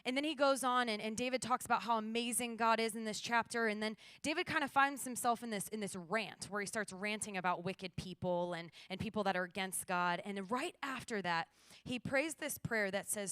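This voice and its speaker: A young woman speaking at a church devotional, telling her stories with animated energy and acting out the dialogue. Her voice is smooth and clear, at a middle pitch. It is recorded dry and close, with no room sound. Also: a little fast, no room sound. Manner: animated storyteller, acts out dialogue. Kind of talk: morning devotional talk.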